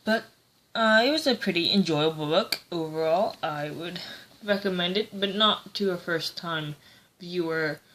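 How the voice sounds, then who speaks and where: A woman's voice: on the low side, measured pace, fairly bright tone, a little hiss or hum. A woman giving a casual, rambling book review, hesitant and full of fillers.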